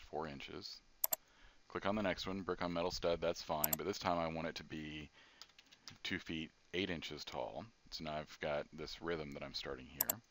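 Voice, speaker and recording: Man, very low voice, software tutorial, relaxed, frequent ums, faint hiss, mouse clicks. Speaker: software instructor. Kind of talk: screen-recorded software tutorial.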